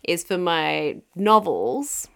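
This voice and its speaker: A woman's voice: lowish voice, expressive, slow pace, creaky, a bit bright. An Australian woman co-hosting a podcast in casual chat, talking loosely with fillers and frequent laughs. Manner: chatty, laughs often, trails off with fillers. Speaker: podcast co-host.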